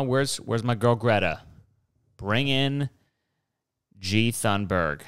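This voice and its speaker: Young guy rambling on his podcast, lowish smooth voice, dry close sound, swears a lot. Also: dry recording. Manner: digressive, profane, mocking asides. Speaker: podcast host. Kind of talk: rambling solo monologue.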